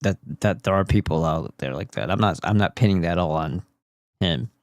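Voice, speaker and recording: A man's voice: low voice, normal speed, no room sound, clean studio sound. A man hosting a livestream who gives casual, blunt commentary and often stumbles over repeated words. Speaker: livestream host.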